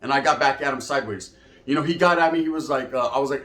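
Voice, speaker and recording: A man telling prison stories in casual slang, animated, often acting out quoted voices. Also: medium pitch, fast talker. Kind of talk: casual storytelling monologue. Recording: echoey room.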